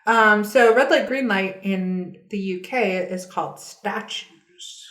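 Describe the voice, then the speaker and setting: A woman's voice: medium pitch, slow, fairly bright tone. Chatty woman reading out trivia, roomy. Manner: reads out facts from a web page, chatty. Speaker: podcast co-host. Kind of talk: casual chat. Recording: roomy echo.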